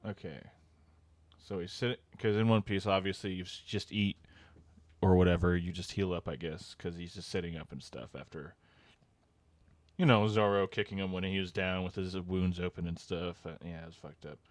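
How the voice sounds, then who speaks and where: A man's voice: low voice, fairly even intonation, moderate pace, no room sound. A man streaming live, reading panels aloud and reacting in loose, profane, casual commentary.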